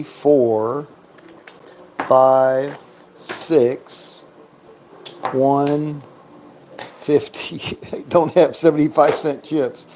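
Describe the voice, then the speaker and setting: A man's voice: mid-range voice, mellow, slight background noise. A man giving casual, joking commentary while playing a craps game, chatting to himself and counting bets and chips aloud.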